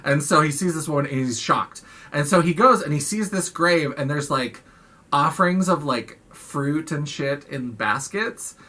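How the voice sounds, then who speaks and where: Woman yakking thru a movie recap, bright sharp voice, swears a lot, says like constantly. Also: sits low, a little slow. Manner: chatty, profane, lots of "like". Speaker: film review vlogger. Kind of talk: casual film recap.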